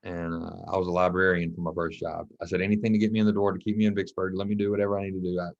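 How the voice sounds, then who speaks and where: Male coach guest, low-voiced, lively storyteller who acts out quotes, from Mississippi, lo-fi podcast audio. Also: very fast, creaky. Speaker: guest, track and football coach. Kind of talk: casual storytelling interview.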